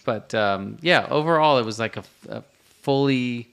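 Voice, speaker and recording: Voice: mid-range voice, normal speed, gravelly, a bit bright, clean tone. A podcast co-host in casual conversation who reviews a TV episode, often hesitating and restarting sentences. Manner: hesitant, with many fillers and restarts, reacting with short agreements.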